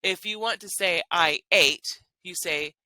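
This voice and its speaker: A woman's voice: lowish voice, unhurried, sharp tone, no room sound. A woman teaching a language lesson, explaining grammar in an upbeat, enthusiastic way. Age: adult with children.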